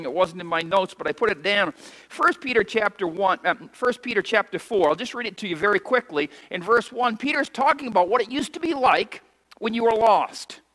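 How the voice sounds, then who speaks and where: A pastor delivers an emphatic sermon, his voice high and bright. He reads scripture in old-fashioned wording and calls on the congregation to repeat after him. His words ring out with a long reverb in a church hall. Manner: emphatic preaching, has congregation repeat lines.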